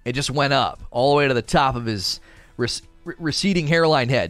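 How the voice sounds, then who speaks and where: Over soft background music, a young man of medium pitch talks fairly quickly about dealing with an angry customer. Animated and laughing frequently, he performs the voices of the people involved, with no room sound.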